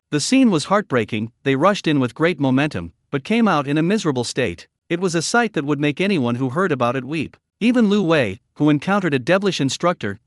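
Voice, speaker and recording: A man's voice: on the high side, no room sound, clean studio sound. A man narrating a recap of a comic story in a scripted reading style, voicing each character's lines in his own voice.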